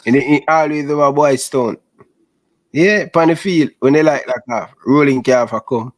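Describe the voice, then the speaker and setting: A man's voice: medium pitch, normal speed, dry recording. A man with a Jamaican accent hosting a casual live stream, bantering and laughing in patois. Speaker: show host.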